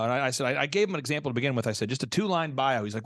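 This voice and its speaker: A man's voice: mid-range voice, no room sound, studio quality. A man hosting a business podcast, telling stories with energy and acting out the people he quotes. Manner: acts out quoted voices, fast and energetic. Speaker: podcast host. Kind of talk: animated storytelling.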